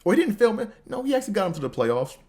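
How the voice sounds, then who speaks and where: A man's voice: high-pitched, big pitch swings, rapid-fire, darkish tone. A man hosting a podcast, talking casually and animatedly about sports with slang, swearing and rambling restarts. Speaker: podcast host.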